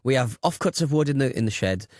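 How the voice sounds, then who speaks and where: A man's voice: mid-range voice, lively intonation, fast talker, a little mellow, no echo, clean studio sound. A man co-hosting a podcast, rambling through jokes and laughing often. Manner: jokey, rambling, bursts of laughter. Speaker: podcast co-host. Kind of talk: casual podcast chat.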